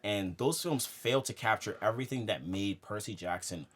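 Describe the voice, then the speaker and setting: A young man co-hosting a casual film podcast, animated and laughing as he makes his points. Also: fairly low pitch, normal speed, slightly rough. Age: young adult. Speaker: podcast co-host.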